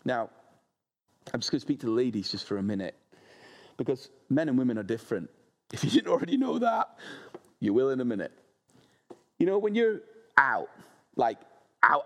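A man preaching a sermon, reading scripture and telling lively, humorous stories. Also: medium pitch. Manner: animated, humorous storytelling.

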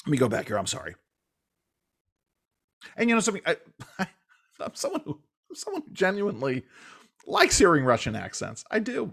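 Animated, halting male talk show host. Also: on the high side, creaky, breathy edge. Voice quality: animated, halting, many restarts and fillers. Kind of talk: political talk show commentary.

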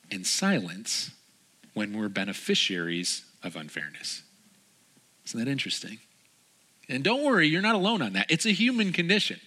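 A man in his thirties preaching a sermon in a lively way, acting out quoted people in changed voices. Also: fairly low pitch. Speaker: pastor.

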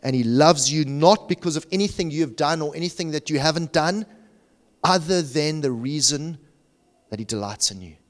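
A middle-aged man, a pastor, preaching a sermon in a church and then leading the congregation in prayer, moving between urgent, repeated appeals and a hushed, humble prayer voice. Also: fairly high pitch, moderate pace, long reverb tail. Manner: passionate, rising to urgent repetition then softening into hushed prayer. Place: church sanctuary.

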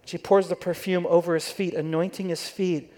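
A man's voice: high-pitched, level tone, normal speed, darkish tone. A man preaching in church, telling the story conversationally and acting out the quoted voices. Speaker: pastor. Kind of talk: sermon.

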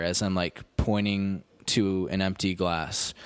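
A man's voice: low voice, level tone, takes it slowly, hardly any pauses, clean tone, dry recording. A man hosting a podcast, telling a story in a rambling, self-deprecating way with lots of restarts. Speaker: podcast host. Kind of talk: casual storytelling monologue.

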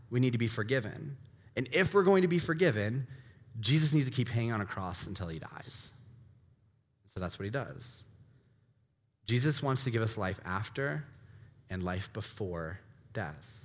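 Guy preaching a sermon in a big echoey church, goes loud then drops real quiet, mid pitch. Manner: dramatic swings between loud emphasis and hushed low delivery. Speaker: pastor. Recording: long reverb of a large hall.

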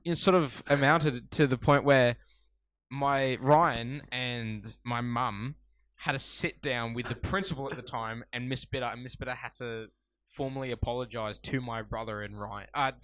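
A man's voice: mid-range voice, normal speed, no room sound. A young man, co-hosting a casual podcast and telling school stories with plenty of swearing. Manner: storytelling, swearing freely, animated. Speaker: podcast co-host. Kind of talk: casual chat.

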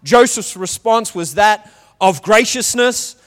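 A man's voice: high voice, slow pace, fairly bright tone, in a large hall. A man preaching a conversational sermon and asking the congregation questions. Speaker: pastor.

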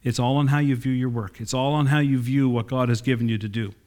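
A man's voice: medium pitch, fairly even intonation, fast talker, darkish tone. A middle-aged man preaching a sermon in a conversational way, reading scripture and acting out quoted dialogue.

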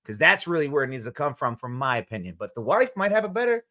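A man's voice: mid-range voice, big pitch swings, quick pace, bright, forceful tone. A man co-hosting a podcast with his wife, talking earnestly and instructively in a casual chat about marriage and faith. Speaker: podcast co-host.

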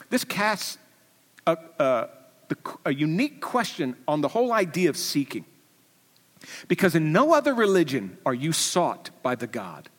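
Animated male preacher in a reverberant hall. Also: on the high side. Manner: animated storyteller, swinging from loud to hushed. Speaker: pastor. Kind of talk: Easter sermon. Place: church auditorium.

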